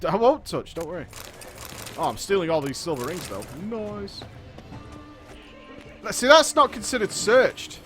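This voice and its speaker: A man's voice: sits high, big pitch swings, moderate pace, pauses often, fairly bright tone, faint music behind. A man casually commenting while playing a video game, joking and reading things aloud. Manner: chatty, jokey, reads in-game text aloud in a mock dramatic voice. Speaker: game streamer. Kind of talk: casual let's-play commentary.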